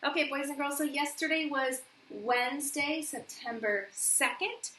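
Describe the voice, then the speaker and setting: A woman's voice: high voice, measured pace, sharp tone, distant mic, slight background noise. A woman teacher leading a morning meeting lesson for young children, patient, asking questions and giving praise. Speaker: elementary school teacher. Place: classroom. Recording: roomy echo.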